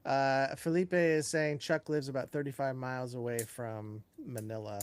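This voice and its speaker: A man's voice: mid-range voice, steady tone, normal speed, slight background noise. A man co-hosting a casual live question-and-answer chat, rambling, laughing often and correcting himself as he goes. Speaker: co-host.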